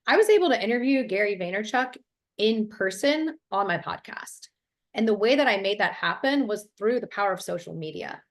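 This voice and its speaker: A woman's voice: medium pitch, expressive, brisk. A woman from Ohio, a business coach, telling her story in an interview over a video call with energy and fluency. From Ohio, USA.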